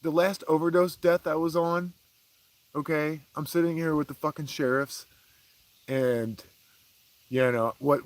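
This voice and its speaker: A man around forty, talking in a casual, heated monologue as the host, full of profanity and swinging between low mutters and raised outbursts. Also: no echo. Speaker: podcast host.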